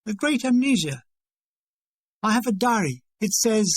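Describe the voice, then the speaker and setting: A man's voice: high-pitched, animated, normal speed, no room sound. An older English man reading his own war memoir in a dry, wry, conversational way. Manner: dry, wry and conversational, acting out remembered dialogue.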